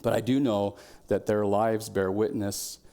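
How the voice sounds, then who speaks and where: Pastor preaching in a low voice. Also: male voice, little pitch movement, a little slow. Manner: conversational preaching, drops to quiet tones, shouts quoted cheers. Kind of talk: sermon. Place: church.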